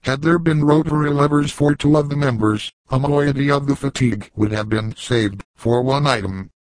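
A man's voice: mid-range voice, moderate pace, no room sound, lightly acted, rough recording. A man reading the part of a fussy, learned naturalist who talks in long, formal phrases, in a dry recording. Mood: mournful.

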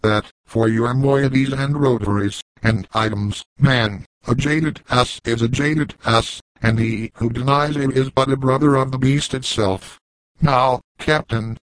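A man's voice: mid-range voice, no echo, lightly acted, poor audio. A man reading the part of a weathered old backwoods trapper, plainspoken and chiding, in a dry audiobook recording.

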